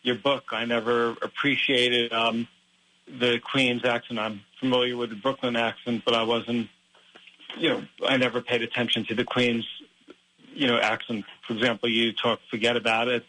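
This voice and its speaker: Man, interviewer, flat delivery, bright tone, hesitant, many fillers. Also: mid-range voice, normal speed, slight background noise, rough recording. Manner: hesitant, full of ums and uhs. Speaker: interviewer and host. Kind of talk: interview questions.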